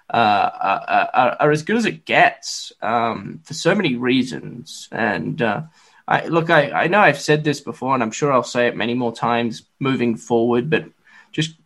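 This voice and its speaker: Lively chatty male podcast host. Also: mid-range voice. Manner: lively, filler-heavy, chatty. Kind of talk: casual sports podcast chat.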